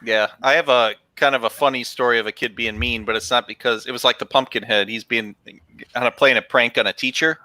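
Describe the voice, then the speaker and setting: A man's voice: mid-range voice, fairly even intonation, a little fast, pushed and bright, no room sound. A man casually telling a funny school story on a live stream, laughing as he goes and mimicking the teacher. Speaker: comic shop podcast co-host.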